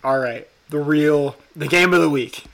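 A man with a fairly high, bright voice trades jokes in relaxed podcast chat. His delivery is playful and ribbing, and he keeps things loose and easygoing. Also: unhurried, vocal fry. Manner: teasing, jokey. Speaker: podcast co-host. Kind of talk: casual chat.

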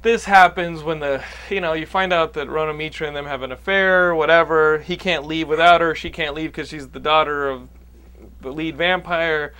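Male podcast host, higher pitch and bright tone, casual rambling delivery. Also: fairly even intonation, moderate pace, smooth. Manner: rambling, restarts a lot. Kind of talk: casual chat, movie review.

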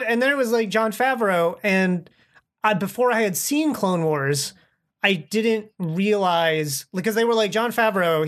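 A man chatting as a podcast guest, rambling and enthusiastic, often acting out what people said. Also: high-pitched. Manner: rambling, enthusiastic, acts out quoted speech. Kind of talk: casual chat.

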